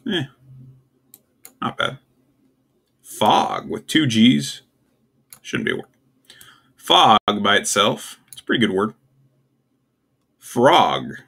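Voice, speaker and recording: A young man with a low, gravelly voice that still sounds bright and forward. He talks casually and offhandedly, often puzzled, and slips in wry asides as he ranks things on his own. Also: huge pitch swings, slow, long pauses. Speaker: tier list video host. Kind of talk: casual solo commentary.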